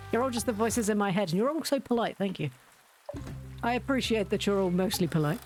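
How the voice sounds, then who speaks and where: A woman's voice: mid-range voice, darkish tone. A woman talks casually to her live chat, spinning stories about her home life. Her tone is chatty and self-mocking. Faint music sits under her voice. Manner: chatty, self-deprecating, storytelling. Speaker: livestreamer.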